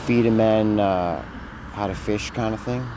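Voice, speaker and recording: A man's voice: on the low side, measured pace. A man talking in a rambling, slangy monologue, tossing in "dude" a lot as he vlogs. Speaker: vlogger. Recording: outdoor street noise.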